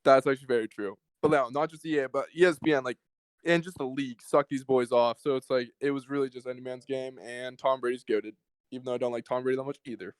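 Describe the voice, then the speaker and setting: A man's voice: medium pitch, steady tone, fast talker, clean tone, no room sound, poor audio. A young man co-hosting a casual podcast, talking in long rambling runs and swearing freely. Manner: rambling, swears, mimics others. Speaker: podcast co-host. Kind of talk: casual chat.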